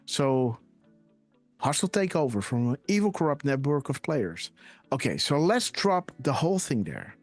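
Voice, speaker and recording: Excitable man with a lively, bouncing voice. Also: mid-range voice, moderate pace, soft background music. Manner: excitable, repeats "guys" and "right?", laughs often. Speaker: livestream host. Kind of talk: casual live commentary.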